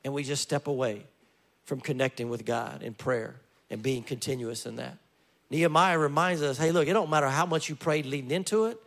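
A man preaching a sermon as pastor, telling stories with lively joking asides. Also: medium pitch, fairly quick.

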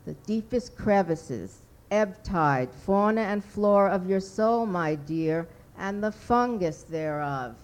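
A woman's voice: mid-range voice, expressive, slow, hardly any pauses, a little mellow. A woman reading a pompous little baron. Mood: condescending. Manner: grandiose, condescending. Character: pompous, impatient little old male baron.

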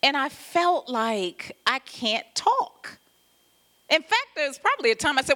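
Woman pastor, high-ish bright voice, preaches casually with laughs, big swings in pitch. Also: unhurried. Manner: animated, laughing, conversational preaching. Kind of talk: sermon.

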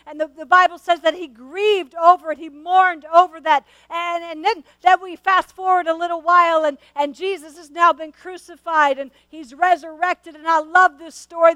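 Very high-voiced woman preaching earnestly. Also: sharp tone, no echo, low-quality recording. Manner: earnest, questioning, frequent stammered restarts. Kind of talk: sermon.

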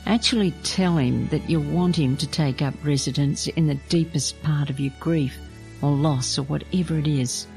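Gentle woman reading a spiritual reflection. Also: deep voice, moderate pace, gravelly, soft background music. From Australia. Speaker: abbess giving a reflection.

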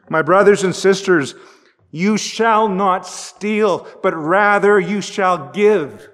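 A male pastor preaching slowly, with a high, light voice and long pauses. He leans hard on key phrases and lets them ring out through a church with a long echo. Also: a bit bright. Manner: measured, emphatic with dramatic pauses. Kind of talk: sermon.

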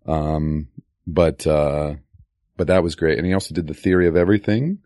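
Man, very deep voice, casual movie podcast chat, rambling with fillers, dry close sound. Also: normal speed, mellow, no echo. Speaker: podcast co-host.

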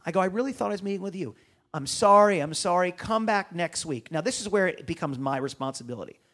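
A man with a slightly high voice tells a long story as a guest on a podcast. He is a comedian and acts out the other people's lines as he goes. He swears freely. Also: expressive, fast talker, fairly bright tone. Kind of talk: animated storytelling.

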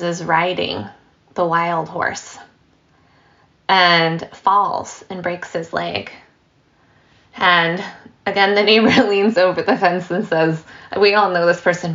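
A woman giving a dharma talk as a meditation teacher, relaxed and storytelling, with light laughs and asides. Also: on the low side, dull audio.

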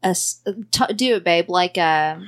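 A woman's voice: lowish voice, a little slow. A woman with a Southern American accent chatting casually on a podcast, rambling and laughing often. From Southern United States. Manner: giggly, rambling. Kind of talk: casual chat.

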